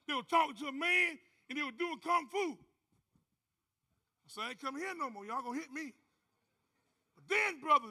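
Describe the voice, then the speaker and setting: A man giving an animated motivational testimony on a conference stage. He tells his story as a storyteller, acting out other people's voices and whooping. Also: extremely high pitch, gravelly. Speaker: conference speaker. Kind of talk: motivational testimony to a live audience.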